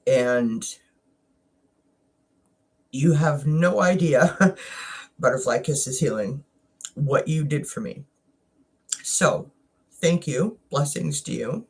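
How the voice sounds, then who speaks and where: Emotional Canadian woman, slow and halting, close to tears, casual personal chat. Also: low voice, slightly rough. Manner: emotional, halting, many restarts. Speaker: wellness channel host.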